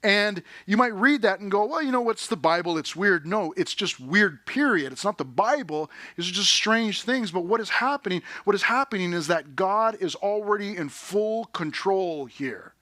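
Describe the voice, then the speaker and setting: Guy preaching a sermon, bright forceful voice, dry close sound, chatty energetic style. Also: sits high, normal speed, hardly any pauses, no room sound. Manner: energetic, conversational preaching with vivid paraphrase. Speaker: pastor.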